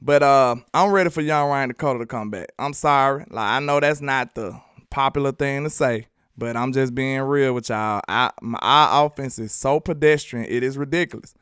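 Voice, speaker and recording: A man from Alabama with a Southern accent giving animated, slangy football commentary, talking straight to his viewers. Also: medium pitch, moderate pace, hardly any pauses, clear, resonant tone, dry recording, studio quality. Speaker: sports commentary host. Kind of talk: casual sports commentary vlog.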